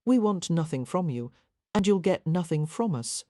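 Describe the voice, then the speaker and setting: A man's voice: a little high, animated, normal speed, mellow, no room sound, clean studio sound, close to an everyday voice. A woman reading the part of a guarded young man who speaks brusquely and sardonically.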